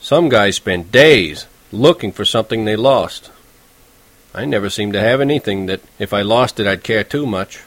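A man's voice: lowish voice, animated, normal speed, fairly bright tone, no echo. A man narrating a novel in the first person, in a conversational, wry and self-deprecating way. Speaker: audiobook narrator.

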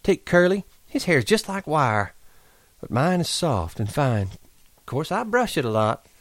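Man putting on a coy, vain young wife on a ranch, high voice, dry sound. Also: sing-song, unhurried, no echo. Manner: coy, complacent.

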